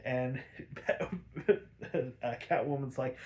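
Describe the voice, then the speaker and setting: A man's voice: medium pitch, a little slow, darkish tone. A man hosting a podcast, casually recapping cartoon episodes with sarcasm, frequent laughter and swearing. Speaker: podcast host.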